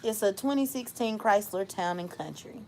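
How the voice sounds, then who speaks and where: A young adult woman hosting a casual livestream, reflective and unhurried, thanking viewers by name and laughing often. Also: mid-range voice, slight background noise. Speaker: host.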